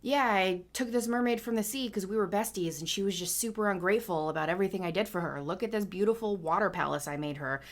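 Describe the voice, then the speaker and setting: A woman's voice: medium pitch, quick pace, few pauses, lightly acted. A woman voicing a selfish old grandfather who complains petulantly and brushes off blame. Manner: petulant, dismissive.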